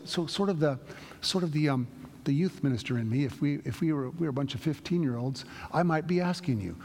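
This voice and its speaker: A man preaching a sermon as a pastor, talking in a conversational, halting way with frequent restarts. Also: medium pitch, a little mellow, slightly rough, long reverb tail.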